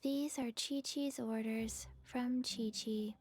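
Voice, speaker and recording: A tiny zombie girl from a video game drones along in a flat monotone. She speaks slowly and evenly, with a high, childlike voice and no feeling at all. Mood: deadpan. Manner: flat monotone, refers to herself by name. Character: small deadpan zombie girl pharmacist.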